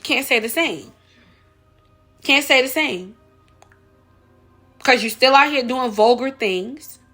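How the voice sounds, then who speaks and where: A woman vlogger rants her opinions to camera in a high, bright voice. She is emphatic, keeps repeating rhetorical questions, and calls her viewers "y'all."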